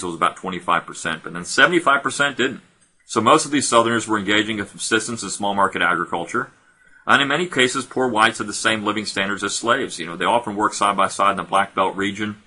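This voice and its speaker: Husky bright-toned male history lecturer. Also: lowish voice, fast. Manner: many fillers and restarts, explanatory. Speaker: history instructor. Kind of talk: recorded college lecture.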